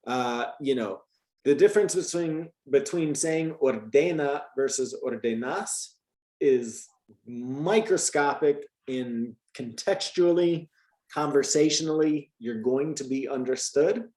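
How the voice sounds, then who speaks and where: A man tutoring Spanish in a relaxed, chatty way, thinking out loud and checking in with "right?" His voice is dark and mellow. The room is echoey around him. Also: medium pitch, takes it slowly. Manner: chatty, thinks aloud with restarts and frequent "right?". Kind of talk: casual online tutoring.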